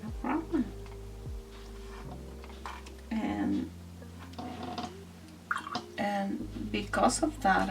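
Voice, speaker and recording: A woman chatting casually and self-deprecatingly while coloring, talking softly toward a camera mounted overhead. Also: medium pitch, creaky. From grew up in the Netherlands from age thirteen. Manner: self-deprecating, rambling, laughs often. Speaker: art vlogger. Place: indoors at a desk. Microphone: camera overhead, some distance away. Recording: distant camera mic with music behind. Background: soft background music.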